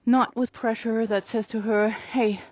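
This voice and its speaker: A woman horse trainer explaining her work with a mare in an open outdoor arena, calm and coaxing, with many fillers. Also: on the high side, normal speed, dry recording, lo-fi sound.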